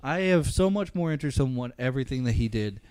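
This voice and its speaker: A man co-hosting a casual movie podcast, rambling and profane, bursting into loud shouted impressions of movie lines. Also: mid-range voice, lively intonation, quick pace, smooth, no room sound. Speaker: podcast co-host. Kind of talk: casual movie-review chat.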